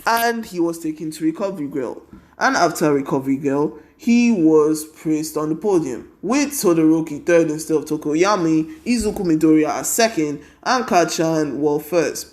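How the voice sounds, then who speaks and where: A man's voice: a little high, moderate pace, a little mellow. Young man, tired, casual fan-story narration, rambling, repetitive. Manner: rambling, repeats 'and then' and 'is like'.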